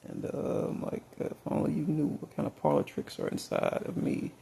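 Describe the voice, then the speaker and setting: Man, rambling storytelling, very gravelly voice, lively pitch, faint hiss behind. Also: a little fast. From Mississippi. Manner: rambling, many fillers and restarts. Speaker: vlogger.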